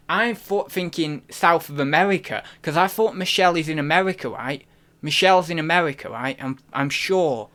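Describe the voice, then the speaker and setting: A male streamer from the UK chats casually on his stream, mid-pitched and conversational. He rambles a lot and often stops to correct himself. He laughs easily. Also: normal speed, bright, forceful tone. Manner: rambling, self-correcting, giggly. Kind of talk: casual live-stream chat.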